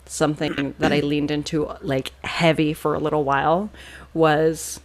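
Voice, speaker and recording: A podcast co-host speaking frankly and reflectively, swearing casually in relaxed conversation. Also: mid-range voice, normal speed. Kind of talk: casual chat.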